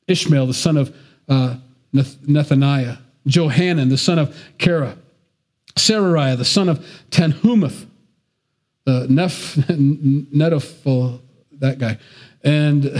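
A man's voice: on the high side, darkish tone. A man preaching a sermon to his congregation, talking conversationally with joking asides. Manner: conversational preaching with asides and self-deprecating jokes. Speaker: pastor.

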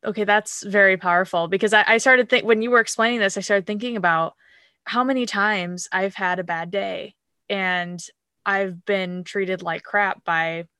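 A woman's voice: mid-range voice, fairly even intonation, moderate pace, bright, forceful tone, smooth, no echo, clean studio sound. A woman hosting a podcast, responding to her guest in an enthusiastic, affirming way. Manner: enthusiastic and affirming, with many fillers. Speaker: podcast host. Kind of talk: supportive interview talk.

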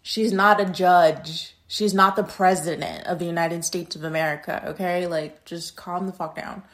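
A young adult woman hosting a podcast, telling a rambling story in a casual, profane and blunt way. Her loudness swings between emphatic bursts and muttered asides. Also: on the low side, fairly even intonation, normal speed. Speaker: podcast host.

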